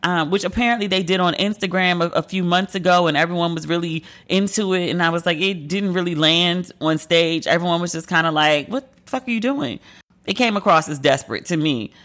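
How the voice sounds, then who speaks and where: A woman's voice: lowish voice, fairly even intonation, brisk, hardly any pauses, a bit bright. A woman host in casual chat, telling candid, profane stories with playful acted asides. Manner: candid, profane, gossipy storytelling.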